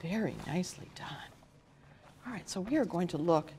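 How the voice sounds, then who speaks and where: A woman's voice: fairly low pitch, lively intonation, moderate pace, warm tone, a little hiss or hum. Woman teacher leading a phonics class. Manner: encouraging, directing the class.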